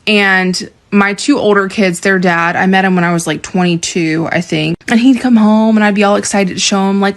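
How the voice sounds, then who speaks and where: A woman's voice: mid-range voice, fairly even intonation, brisk, creaky, hardly any pauses. A woman in her thirties talking candidly and emotionally in a confessional vlog. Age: 30s.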